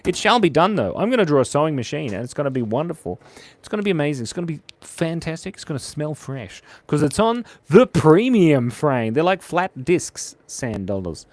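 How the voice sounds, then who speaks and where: A man's voice: fairly high pitch, brisk. An Australian man hosting a live drawing stream, chatting playfully and reacting to viewer chat as he draws. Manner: playful, animated, reads viewer chat aloud.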